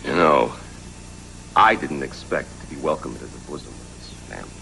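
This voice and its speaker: An actor playing a sardonic, mocking business partner in a 1980s soap opera. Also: male voice, a bass voice, a little fast, creaky, pushed and bright, slight background noise, full character voice, poor audio.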